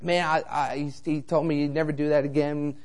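A man in his thirties, a traveling evangelist, preaching a sermon with animated personal stories and conversational rhetorical asides. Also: on the high side, a little fast.

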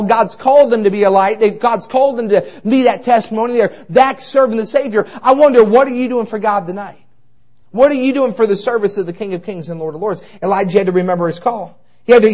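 A man preaching a fervent sermon in a high, bright-edged voice. He swings between loud exhortation and hushed, drawn-out asides. The recording sounds dull and lo-fi.

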